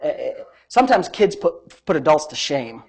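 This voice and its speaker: A middle-aged man preaching, a pastor telling a healing story in an animated way, swinging between loud and soft and laughing as he talks. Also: on the high side, moderate pace, breathy edge. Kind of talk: sermon storytelling.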